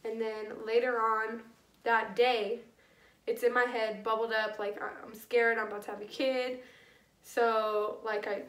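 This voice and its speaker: A woman's voice: on the high side, level tone, unhurried, a bit bright. A young woman vlogger telling a personal story in a casual, rambling way, full of "like" and restarts, swearing freely. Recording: echoey room, a bit far from the mic.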